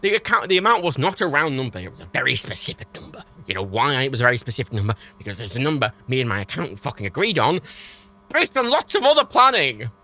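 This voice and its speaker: A man's voice: medium pitch, fast, faint music behind. A British man on a livestream, ranting in an exasperated way and swearing heavily as he talks. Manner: exasperated, heavy swearing, animated.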